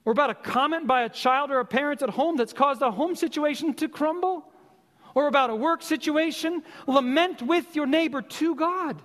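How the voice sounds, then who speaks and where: A man preaching a sermon as pastor, with impassioned, repetitive exhortation and slow emphatic stresses. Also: very high voice, fairly bright tone, big-room sound.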